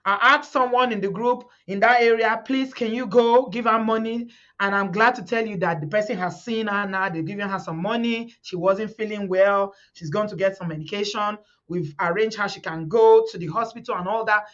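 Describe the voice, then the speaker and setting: A woman's voice: medium pitch, moderate pace, hardly any pauses, a bit bright, lo-fi sound. A middle-aged Nigerian woman hosting a live stream, talking fervently to her viewers, repeating words and quoting the people she speaks about. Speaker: host of a live community stream.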